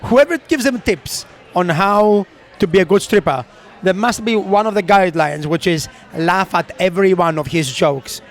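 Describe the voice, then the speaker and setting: A man's voice: sits high, moderate pace. A man co-hosting a podcast, telling a story in casual chat, acting out the other people's lines and laughing often. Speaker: podcast co-host.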